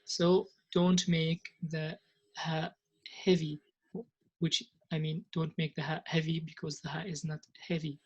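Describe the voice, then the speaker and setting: Lowish-voiced woman teaching Quranic pronunciation. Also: level tone, slightly rough, muffled recording. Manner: slow deliberate demonstrations, frequent hesitations and restarts. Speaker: Tajweed teacher. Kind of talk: recorded lesson explaining Quranic pronunciation.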